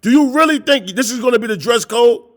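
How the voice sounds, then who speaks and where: A man's voice: very high voice, expressive, fast talker, fairly bright tone. A middle-aged man preaching a confrontational sermon, scolding his listeners with repeated rhetorical questions and blunt, profane language. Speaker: street preacher.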